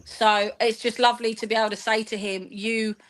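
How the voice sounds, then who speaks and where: A woman in her thirties with a bright, clear voice, pitched a little high. She talks in an animated, rambling way and acts out each quoted exchange as she tells her story to an interviewer. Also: fairly quick. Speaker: guest, football fan and teacher.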